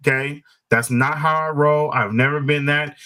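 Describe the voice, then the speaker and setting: A man's voice: a little high, steady tone, normal speed, pushed and bright, rough recording. A man hosting a casual chat show, emphatic and opinionated, repeating his points for stress. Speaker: show host.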